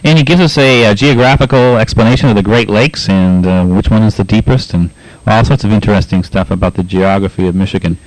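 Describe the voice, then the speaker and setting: Low-voiced Boston man reading letters. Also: no echo, rough recording. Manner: laughs often, halting with many uhs. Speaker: pirate radio host. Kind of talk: casual on-air chat reading listener letters.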